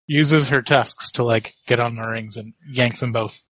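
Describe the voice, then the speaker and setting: A man with a bright, forceful voice describes his character's actions at a tabletop game. He talks through his plan step by step, recorded dry and close. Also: medium pitch, fairly even intonation, a little slow, no echo, poor audio. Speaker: player.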